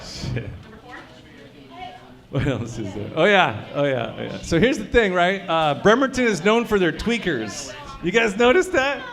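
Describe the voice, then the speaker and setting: A man with a high voice performs stand-up at a brewery showcase. He talks crude and casual, keeps checking in with the audience, and delivers his set in a chatty way. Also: very animated, measured pace, vocal fry, a bit bright. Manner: crude, conversational, quizzing the crowd. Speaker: stand-up comedian.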